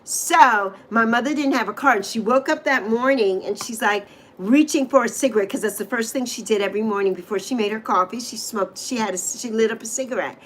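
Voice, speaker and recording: A woman's voice: on the high side, a little fast, a little hiss or hum, rough recording. A middle-aged woman from the Virgin Islands hosting a casual livestream, chatting and rambling between stories and greeting viewers by name. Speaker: livestream host.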